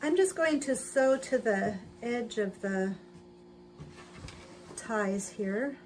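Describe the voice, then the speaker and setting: Woman sewing live, slow talker, kinda high voice, loud machine whirring in the background, noisy stream audio. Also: lively intonation. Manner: chatty, talks to herself while working, laughs often. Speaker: livestream host. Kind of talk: casual sewing livestream chat. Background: sewing machine noise.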